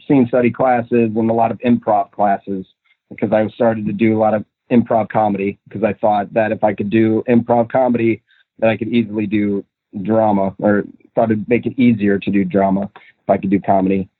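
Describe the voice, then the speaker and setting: A man's voice: fairly low pitch, flat delivery, normal speed, no room sound. A young man from Minnesota, an actor, chatting in an interview in a rambling way with lots of fillers and laughs. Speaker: actor, guest. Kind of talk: casual interview chat. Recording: tinny phone-like line, dry.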